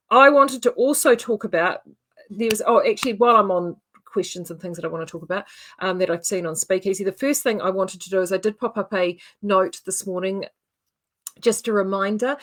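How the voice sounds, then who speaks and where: A woman's voice: mid-range voice, a bit bright. A woman with a New Zealand accent hosting a casual livestream, chatty and rambling with many fillers. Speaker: yarn shop host.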